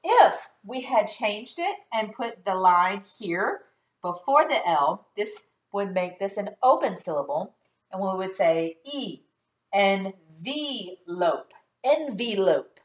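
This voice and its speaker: A woman teaching a recorded phonics lesson to children, patient and encouraging, stretching words out slowly and clearly as she models them. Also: medium pitch, very animated. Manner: slow, clear enunciation with drawn-out model words. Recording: echoey room.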